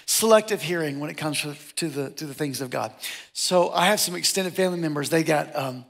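Animated, gravelly pastor preaching a sermon. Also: male voice, a little high, brisk. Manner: animated, jokey, acts out quotes.

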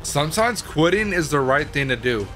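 A man's voice: a little high, expressive, moderate pace, fairly bright tone, soft background music. A man voicing a creepy male game villain who taunts the players, reading the lines out plainly. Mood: menacing.

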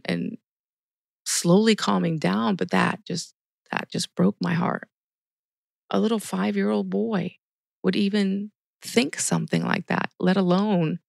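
A woman's voice: fairly low pitch, vocal fry, no room sound, studio quality. A middle-aged woman, a ministry volunteer, telling stories earnestly in a casual podcast interview. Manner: earnest storytelling with quoted dialogue.

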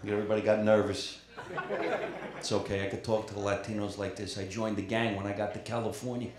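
A man's voice: on the low side, little pitch movement, fast talker, very noisy. Male stand-up, East Coast accent, cocky and profane, live club echo. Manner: brash, profane crowd work. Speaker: stand-up comedian. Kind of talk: stand-up comedy set. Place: comedy club stage. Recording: roomy live club sound. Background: crowd laughter.

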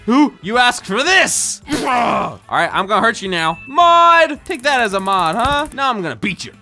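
A young man doing playful, joking gameplay commentary as a gaming YouTuber, often breaking into shouts. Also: extremely high pitch, big pitch swings, takes it slowly, faint music behind.

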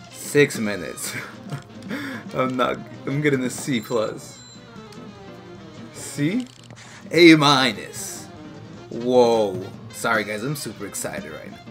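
Man, gaming commentary, excitable, mutters at the game, slow talker, faint music behind. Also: fairly high pitch. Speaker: gaming YouTuber. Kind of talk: let's play commentary.

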